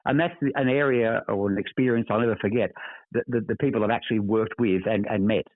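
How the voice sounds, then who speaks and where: A man's voice: on the low side, steady tone, fairly quick, dry recording. Older Australian man storytelling over a tinny line. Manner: expansive storyteller, repeats words while searching. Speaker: actor and guest. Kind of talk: casual interview anecdotes. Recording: dry tinny phone-like line.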